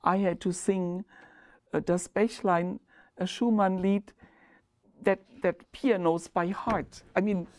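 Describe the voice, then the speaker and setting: A woman's voice: mid-range voice, steady tone, slow pace, darkish tone. A woman with a German accent and German as her first language, a former principal, speaking thoughtfully in an interview. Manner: earnest, reflective, careful phrasing. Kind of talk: reflective interview.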